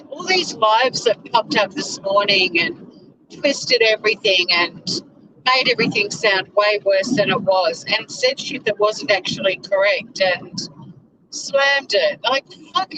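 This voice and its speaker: A woman's voice: medium pitch, background noise. A woman vlogging from inside her car, ranting in exasperation and swearing freely. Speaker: YouTuber. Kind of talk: casual vlog rant.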